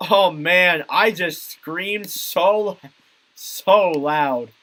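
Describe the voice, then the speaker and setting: A young man calling a hockey game live as an amateur play-by-play commentator, rattling off the action and bursting into shouts at big moments. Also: sits high. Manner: rapid play-by-play that erupts into shouting on goals.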